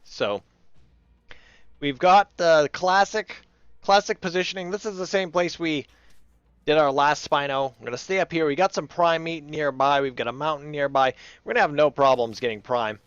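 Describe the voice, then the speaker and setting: Man doing casual game commentary, smooth clear voice, dry muffled recording. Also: fairly high pitch, fairly quick, a bit bright, no room sound. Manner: chatty and rambling, talks to himself and the animals. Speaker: gaming channel host.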